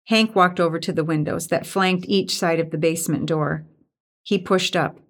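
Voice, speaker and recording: A woman narrating an audiobook with an even storytelling delivery. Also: fairly low pitch, normal speed.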